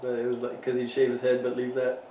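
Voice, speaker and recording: A man's voice: medium pitch, fast. A man co-hosting a podcast, chatting casually with lots of swearing and laughter. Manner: profane, laughing, animated banter. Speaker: podcast co-host. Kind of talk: casual chat. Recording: echoey room, mic at a distance, faint hiss.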